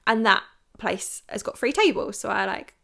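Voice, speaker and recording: Creaky-voiced woman telling a story. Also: mid-range voice, moderate pace, sharp tone. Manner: chatty, frank, lots of "like". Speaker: podcast host. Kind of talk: storytelling chat.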